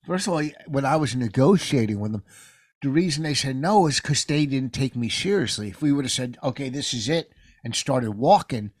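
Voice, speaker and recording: A man's voice: mid-range voice, lively intonation, a little fast, no room sound. A middle-aged man co-hosting a podcast, arguing back defensively in casual banter. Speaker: podcast co-host. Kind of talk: casual chat.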